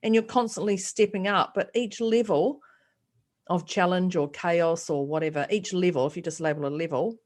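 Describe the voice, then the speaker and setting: A woman's voice: fairly low pitch, normal speed. A woman co-hosting a podcast in casual chat, telling stories and acting out the voices she quotes. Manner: animated storyteller, acts out quoted voices. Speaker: podcast co-host.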